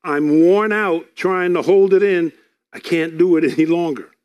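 Man, high voice, earnest sermon, reads scripture, repeats words. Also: moderate pace, a little mellow, muffled recording. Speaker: preacher.

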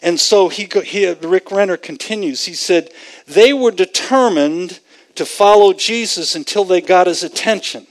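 A man with a high voice preaches a sermon at normal speed, earnestly explaining scripture and stressing his points with emphasis. He retells the scripture with vivid, acted-out quotes, and the recording quality is low.

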